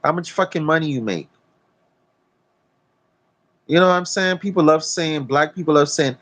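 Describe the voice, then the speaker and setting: A man's voice: a little high, moderate pace, long pauses, a bit bright. Profane, preachy man ranting outdoors. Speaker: vlogger. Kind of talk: blunt talk-to-camera rant. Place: outdoors in nature.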